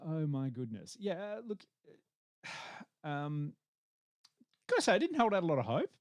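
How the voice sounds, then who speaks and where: Animated man chatting on a podcast. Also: a little high, unhurried, dry recording, clean studio sound. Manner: animated, swearing, self-mocking asides. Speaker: podcast host. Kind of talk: casual review chat.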